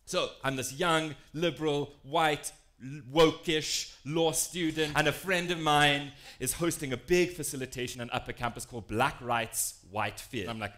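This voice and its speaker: A young South African man with a South African accent, giving a talk on inclusion in an animated, self-deprecating storytelling way. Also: a little high, moderate pace, hardly any pauses. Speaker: diversity and inclusion speaker.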